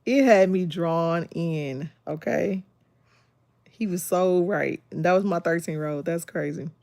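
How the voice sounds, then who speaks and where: A woman, chatting casually on a livestream and retelling a movie with lively acted-out quotes. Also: fairly low pitch, measured pace, gravelly, no room sound. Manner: animated storytelling, acts out quotes with laughter. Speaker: livestream host.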